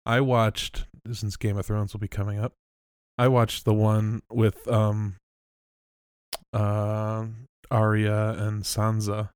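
A man co-hosting a podcast in casual chat, joking and animated, often bursting into laughter. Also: lowish voice, slow pace, smooth, no room sound, clean studio sound. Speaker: podcast co-host.

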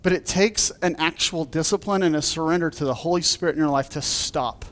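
Male pastor, lively storytelling sermon, raised pitch, chuckles easily. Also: fairly quick. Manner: animated storyteller, laughs through his anecdotes. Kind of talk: sermon with a humorous personal story.

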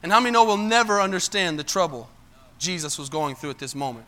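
A male pastor preaching a sermon, calling out asides to the congregation and swinging between loud emphatic bursts and low quiet lines. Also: animated, a little fast.

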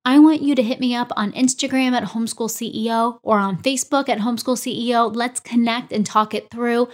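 A woman's voice: on the high side, brisk. A woman in her forties, a podcast host, telling a personal story and acting out the dialogue with energy. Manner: animated, acts out quoted dialogue.

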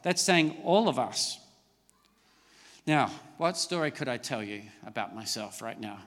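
A man's voice: medium pitch, lively intonation, measured pace, fairly bright tone, in a large hall. A middle-aged man preaching a sermon as a pastor, conversational and storytelling, with self-mocking asides. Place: large church hall.

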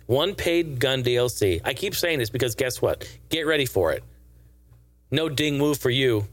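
A man's voice: mid-range voice, a bit bright, no echo. A man giving casual, profane and sarcastic gaming news commentary in a rambling way.

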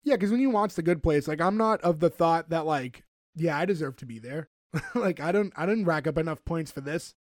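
A man's voice: fairly high pitch, a little fast, dry recording, clean studio sound. A man, a podcast co-host, recapping a TV episode in casual, rambling chat with lots of fillers. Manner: animated storyteller, rambling with fillers.

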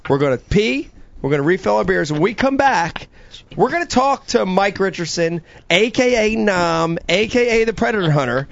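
Lively high-voiced gravelly show host. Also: male voice, normal speed, no room sound. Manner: loose, jokey, laughs easily. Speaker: podcast host. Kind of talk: casual live-show banter. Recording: lo-fi dull sound.

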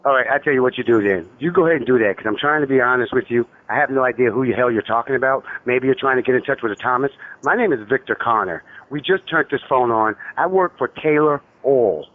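A man's voice: medium pitch, quick pace, hardly any pauses. A man who drives a truck, answering a prank call in a heated, cursing, insistent way. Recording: phone line.

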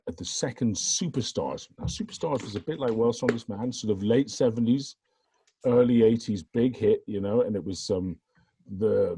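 Husky, animated male storyteller. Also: mid-range voice, dry recording. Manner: animated storyteller, lively voice impressions. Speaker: guest, strongman event referee and coach. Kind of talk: casual video-call chat. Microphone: video call.

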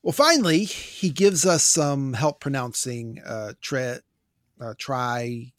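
A man's voice: medium pitch, animated, slow pace, a bit bright, no room sound, clean studio sound. Wry man reading listener notes. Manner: wordy, stumbles over pronunciations, wry. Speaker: podcast host. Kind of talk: casual book discussion, reading listener notes.

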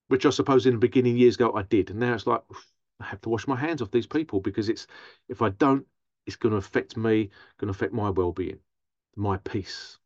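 A man's voice: fairly low pitch, normal speed, pauses often, a little mellow, no echo, muffled recording. A man, a therapist, talking through a casual monologue, often mimicking other people in a raised voice. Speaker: therapist and podcast host.

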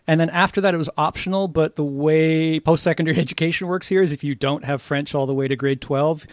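A man from Canada chatting casually as a guest on a podcast, earnest and quick to laugh. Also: fairly high pitch, fairly even intonation, no room sound, studio quality.

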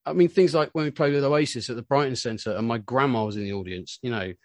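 A man in his forties, a musician being interviewed, telling stories in a rambling, animated way with lots of filler words. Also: medium pitch, fast, no room sound. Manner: rambling, animated storytelling full of "you know". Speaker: musician guest. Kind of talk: casual interview chat.

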